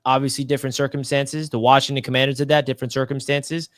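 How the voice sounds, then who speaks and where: A man's voice: mid-range voice, level tone, fast talker, smooth, dry recording. A man on a casual podcast panel, giving confident, emphatic football analysis. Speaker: Jets fan panelist.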